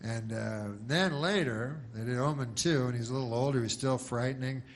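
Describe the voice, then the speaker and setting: Man, stand-up comic, deadpan, halting, meandering delivery, mid-pitched voice. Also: a little hiss or hum. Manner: deadpan, halting, full of false starts. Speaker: stand-up comedian. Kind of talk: rambling stand-up set.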